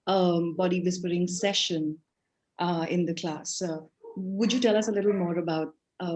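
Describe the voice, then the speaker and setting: A woman interviewing a guest in a casual conversation. Her voice is a touch low. She sums up eagerly and fills pauses with "uh" and "um". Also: darkish tone. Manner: enthusiastic, summarizing, with fillers.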